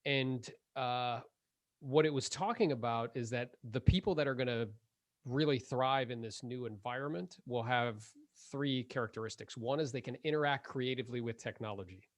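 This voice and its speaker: Guy hosting a podcast, lively, lots of "like", mid pitch, dry close sound. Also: normal speed, no room sound. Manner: animated, laughs often, filler-heavy. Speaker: podcast host. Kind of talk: casual interview chat.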